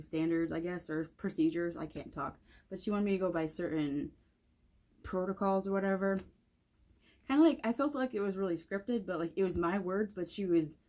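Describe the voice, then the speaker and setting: A young woman chats through a storytime vlog in a lowish, mellow voice. She rambles, restarts and fills her sentences with "like". It is a relaxed, casual telling. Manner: rambling, many "like" fillers and restarts. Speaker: vlogger.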